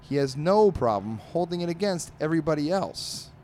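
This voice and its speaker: Man doing a shrill indignant cartoon dog. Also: animated, slight background noise, lightly acted. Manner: high, loud, drawn-out indignant voice. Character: cranky boastful male cartoon dog.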